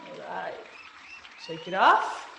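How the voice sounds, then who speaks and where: A woman teaching a dance class, cueing moves and counting out loud as she demonstrates. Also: on the low side, sing-song, takes it slowly, creaky, reverberant, a crowd in the background, background noise. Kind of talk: live online dance class instruction.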